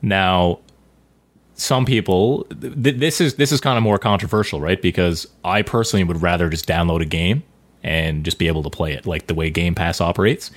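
A man with a deep, low-pitched voice hosts a casual conversation. He steers the talk and keeps turning to the others for their opinions. The sound is dry and close. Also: moderate pace, dry recording. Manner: leads the discussion, asks the others' opinions. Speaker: podcast host. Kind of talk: casual chat.

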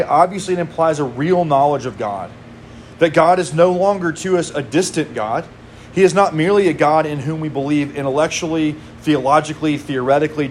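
A man's voice: a little high, slight background noise. A man in his thirties preaching a sermon to his congregation, conversational, with casual asides. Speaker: pastor.

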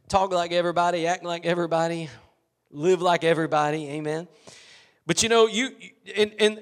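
Southern US preacher, man, high-pitched, emphatic repeats, loud-soft swings, church sermon. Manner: repetitive, emphatic preaching with rising and falling volume. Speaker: pastor.

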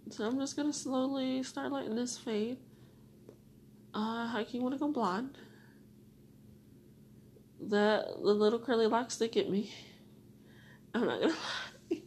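A young woman hosting a solo podcast, talking to herself and rambling with lots of swearing, dropping to whispers and rising to loud venting. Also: fairly high pitch, a little slow, pauses often, a little hiss or hum. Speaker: podcast host.

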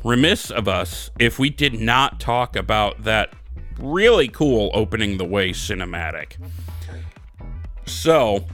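Bright-voiced man in casual, profane chat. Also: fairly low pitch, expressive, slow, faint music behind. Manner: rambling, profane, joking recap. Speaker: podcast co-host. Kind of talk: casual gaming podcast chat.

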